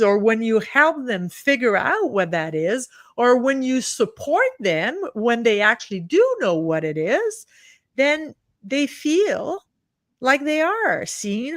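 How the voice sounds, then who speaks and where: A woman, a leadership expert telling stories in a sarcastic, animated way on a video call. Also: a little high, no room sound. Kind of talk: casual chat on a livestream.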